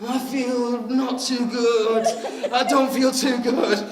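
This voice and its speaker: A man's voice: extremely high pitch, little pitch movement, slow, voice pushed up. A man voicing a drunk young man who groans that he feels unwell, in an echoey hall with a crowd. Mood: queasy groaning.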